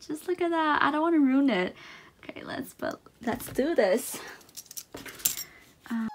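A young woman chatting casually as she unboxes merch, gushing and excitable, with lots of fillers and gasps. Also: high-pitched, measured pace, a little hiss or hum. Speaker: unboxing vlogger.

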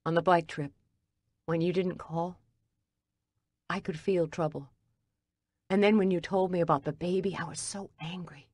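A woman reading the lines of an earnest man who was once the heroine's lover, in a soft, hushed, low-key way. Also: fairly even intonation, normal speed, long pauses, dry recording, studio quality, natural voice. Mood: hurt.

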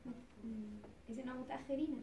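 A woman's voice: a little high, fairly quick, creaky, mellow, slight background noise. A woman student answering in a language class, tentative and unsure of herself. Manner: hesitant, tentative. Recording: distant voice in echoey classroom.

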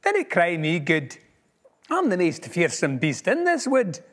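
A man's voice: high voice, huge pitch swings, unhurried, fairly bright tone, exaggerated voice. A man voicing a tiny, boastful and clever male mouse with a Scottish accent in a storybook reading in Scots.

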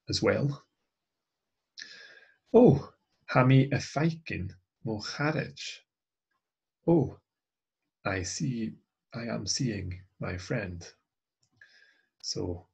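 A man's voice: sits low, gravelly, a bit bright, husky. A man teaching a recorded language lesson, reading dialogue lines aloud and then translating and explaining them. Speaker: language tutor.

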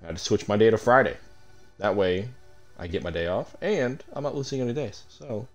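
A man with a fairly low voice gives a casual let's-play commentary, chatting candidly with his viewers as he plays. He swears in an offhand way now and then. Faint game music sits behind him. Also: animated, a little fast, muffled recording. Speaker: gaming streamer.

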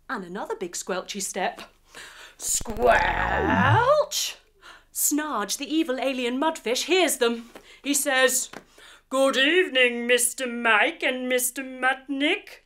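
A woman teaching yoga to children through a playful story, full of sound effects and guiding instructions. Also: fairly high pitch.

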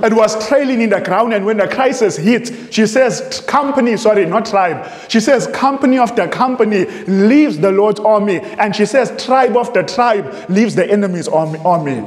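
Emphatic high-voiced preacher in an echoey hall. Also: male voice, lively intonation, normal speed, few pauses, darkish tone. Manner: emphatic, repeats phrases, asks rhetorical questions. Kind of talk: sermon with readings. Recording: echoey room with long reverb.

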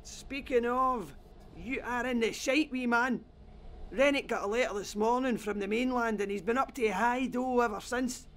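An actor playing a foul-mouthed oil rig worker in a game, with a Scottish accent, gruff but chummy. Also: male voice, very high voice, moderate pace, a bit bright, slight background noise. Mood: joshing.

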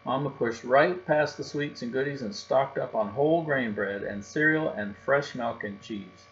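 A man's voice: medium pitch, normal speed, fairly bright tone. Man reading a storybook aloud. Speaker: storybook reader. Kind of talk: storybook read-aloud narration. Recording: dull recording with faint hum.

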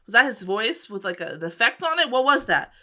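A woman hosting a reaction video, excitable and rambling, often exclaiming and laughing. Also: on the high side, brisk. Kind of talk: casual reaction commentary.

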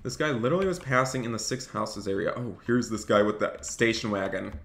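A man's voice: fairly low pitch, brisk, creaky, a bit bright. A man streaming a game live, cheerfully thanking donors and barking mock police orders as he role-plays a cop. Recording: echoey room, faint noise.

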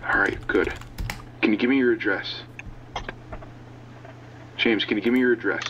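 A man voicing a calm male emergency dispatcher who speaks steadily and gives instructions, heard on a muffled old call recording. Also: lowish voice, normal speed, noisy background, lightly acted.

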